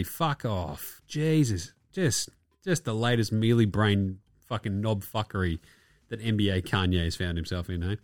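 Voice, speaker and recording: A man's voice: fairly low pitch, a little slow, no echo, clean studio sound. A man hosting a podcast, ranting about basketball with profanity and sarcasm. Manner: profane, sarcastic, with mocking put-on quotes. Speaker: podcast host. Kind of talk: ranting sports commentary.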